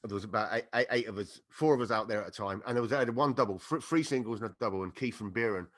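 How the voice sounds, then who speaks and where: Lively man telling a story. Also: fairly low pitch, racing. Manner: animated anecdote-telling with laughter and acted-out quotes. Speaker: podcast guest. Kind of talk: casual storytelling chat.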